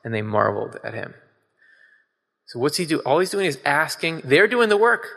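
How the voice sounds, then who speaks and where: Bright-voiced man preaching in a hall. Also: on the high side, big pitch swings, moderate pace, creaky. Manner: conversational, emphatic, asks the audience questions. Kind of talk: casual sermon with scripture reading. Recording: long hall reverb.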